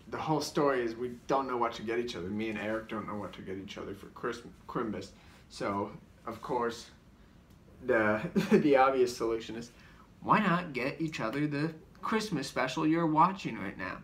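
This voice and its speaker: A man's voice: medium pitch, pushed and bright, slight background noise. A man telling stories in a casual, rambling way, leaning on "like" and restarting his sentences. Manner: rambling, heavy use of "like", frequent restarts, briefly mimics voices. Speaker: comedian recounting his sketches. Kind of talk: casual storytelling. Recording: roomy sound from a distant mic.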